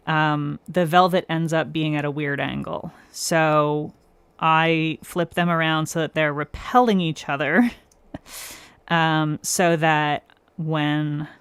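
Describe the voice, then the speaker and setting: This nail art livestream host speaks in a deep, smooth voice, recorded dry. Chatting casually, she addresses viewers by name, often breaks into laughter, and explains what she's doing step by step.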